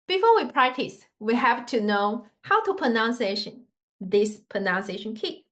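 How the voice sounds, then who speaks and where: A woman with a high voice teaches an online language lesson. She speaks slowly and patiently in simple, non-native English, demonstrating sounds with sung scales. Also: very animated, fairly bright tone, muffled recording. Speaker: Mandarin teacher.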